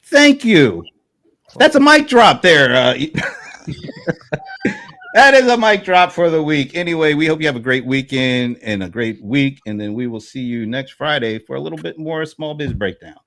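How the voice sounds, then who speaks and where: A man hosting a casual panel chat, relaxed and rambling, with fillers and restarts. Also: on the high side, normal speed. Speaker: host.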